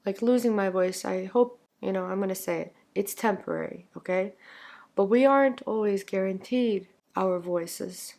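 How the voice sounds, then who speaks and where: A young woman, a singer, talking casually to her camera while her voice is hoarse and lowered from laryngitis; earnest and reflective, laughing lightly between thoughts. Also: normal speed, darkish tone. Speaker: singer and content creator.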